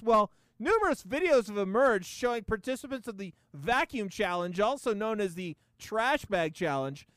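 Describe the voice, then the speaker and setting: Casting: male podcast host, high, smooth voice, profane sarcastic rant, dry close sound. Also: a bit bright, dry recording. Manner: profane, sarcastic, laughing often. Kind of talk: casual comedic rant.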